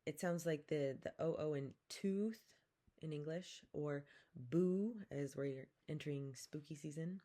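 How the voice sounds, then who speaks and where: A woman teaching a language lesson, saying each vowel slowly and repeating words for the listener to copy. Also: low-pitched, dark tone. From Pacific Northwest, Coast Salish community. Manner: slow and careful, repeats each sound, drawn-out demonstrations. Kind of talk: slow, patient vowel lesson with call-and-repeat.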